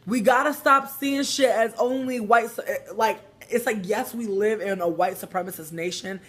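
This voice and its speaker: A man with a high, husky voice talks straight into his phone on a casual livestream. He swears freely and rambles, circling his points with constant filler words. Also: moderate pace, a bit bright. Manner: profane, rambling, heavy use of "like". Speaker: vlogger.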